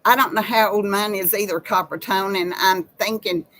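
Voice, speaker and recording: A woman's voice: mid-range voice, fairly even intonation, normal speed, a bit bright, a little hiss or hum, poor audio. A woman, hosting a casual live chat with viewers in a folksy, chatty way. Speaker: live-stream host.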